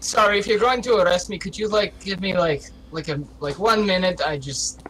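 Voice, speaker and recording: A man's voice: high voice, fairly quick, bright, forceful tone, rough recording. A man playing in a tabletop game, talking casually with lots of rambling and laughter. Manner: rambling, self-correcting, laughing. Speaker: player.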